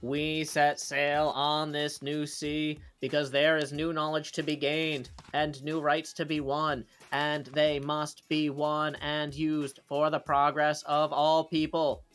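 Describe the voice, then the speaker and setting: A man doing a put-on Massachusetts accent, playing a male politician who delivers a slow, grand speech. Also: a little high, completely flat delivery, a bit bright, clear, resonant tone. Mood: orating. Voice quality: slow, declaiming oratory.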